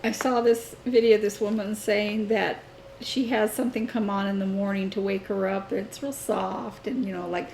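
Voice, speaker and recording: A woman co-hosting a casual chat show, relaxed as she retells a story with fillers. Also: mid-range voice, moderate pace, creaky. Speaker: podcast co-host. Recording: roomy echo, faint noise.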